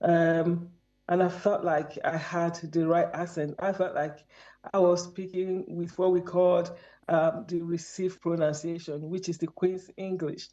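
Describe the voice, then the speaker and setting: A woman's voice: fairly low pitch, little pitch movement, a little slow, warm tone. A woman from Nigeria with a Nigerian accent, a guest in a remote interview, speaking earnestly and measuredly with frequent ums. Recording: dull lo-fi audio.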